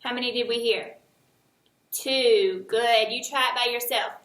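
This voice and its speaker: Slow, bright-voiced woman teaching young children. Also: on the high side, echoey room. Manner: slow, encouraging, clearly enunciated. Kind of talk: early-years remote lesson.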